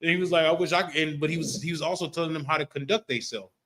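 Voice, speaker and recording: A man's voice: a little high, fairly even intonation, very fast, bright, forceful tone. A man leading a casual religious class discussion, talking loosely and often checking in with his listeners. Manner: loose, repetitive, keeps asking "you know what I'm talking about".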